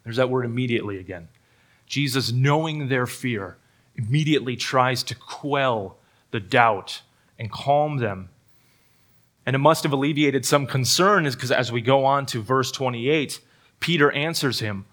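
The preacher's voice sits at medium pitch, a bit bright and a little slow. During a church service sermon, this pastor stays earnest, leans on self-deprecating humor, and repeats words a lot.

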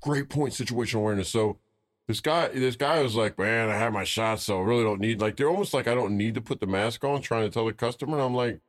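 A man's voice: medium pitch, fast. A man co-hosting a casual talk show, explaining his points in an earnest, emphatic, coaching way. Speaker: podcast co-host. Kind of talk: casual chat.

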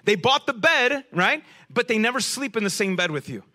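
A pastor preaching a sermon, talking straight to his congregation and swinging between rising, animated lines and quiet, low emphasis. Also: moderate pace.

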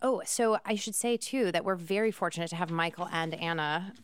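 A woman's voice: fairly low pitch, a little fast, smooth, no room sound. A woman hosting an upbeat podcast interview, enthusiastic and chatty. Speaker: podcast host.

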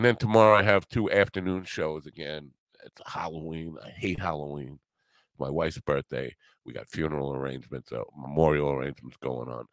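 A podcast host with a very deep voice rambles through his week in a gloomy, self-mocking way, tossing in crude jokes. His voice is recorded close and dry, with no room around it. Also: fairly bright tone, dry recording. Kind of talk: casual rambling chat.

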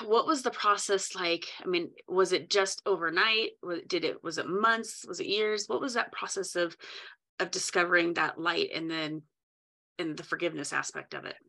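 Female podcast host, low and raspy-fry with a sharp edge, rambles before each question. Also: fairly even intonation. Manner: gushing, halting, restarts often. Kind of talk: casual interview chat.

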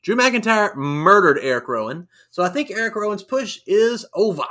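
Bright-voiced man chatting about wrestling. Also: high-pitched, normal speed. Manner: animated, acts out quotes in raised voices. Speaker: podcast co-host. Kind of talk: casual wrestling review chat.

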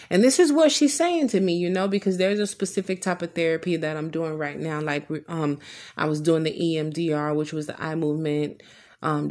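A woman's voice: low voice, gravelly. A woman earnestly telling a personal story, retelling conversations in her own words with frequent restarts.

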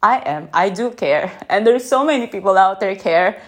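A woman who is not a native English speaker, talking slowly and gently in an unscripted podcast recorded on her phone, often checking in with "yeah?". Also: medium pitch, expressive. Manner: slow, gentle, reflective, asks listeners "yeah?". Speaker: podcast host. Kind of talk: unscripted reflective podcast talk.

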